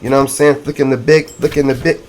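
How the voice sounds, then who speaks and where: This medium-pitched tarot reader talks fast as he gives his viewers a relaxed reading. His excitable, slang-heavy delivery keeps returning to catchphrases and direct callouts to the audience.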